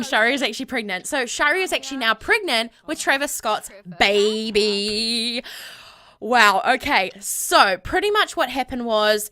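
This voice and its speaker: A young woman chats her way through a gameplay story in a bright, forward voice that sits a touch high. She rambles, stacks up fillers and keeps the tale rolling in a casual, talky way. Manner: chatty, rambling, with many fillers. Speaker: gameplay vlogger.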